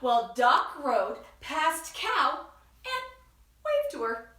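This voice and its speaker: Animated woman reading a storybook. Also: high-pitched, extremely slow, reverberant, distant mic, slight background noise. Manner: expressive, animated, asks listeners questions. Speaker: teacher reading aloud. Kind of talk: storybook read-aloud.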